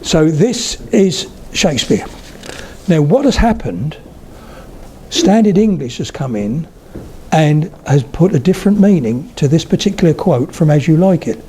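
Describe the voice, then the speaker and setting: A man's voice: a little high, animated, normal speed, dark tone, a little hiss or hum. Older man giving a chatty public talk. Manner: anecdotal, chatty, checks in with "right?". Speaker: lecturer on spoken English. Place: talk before a live audience of about eighty.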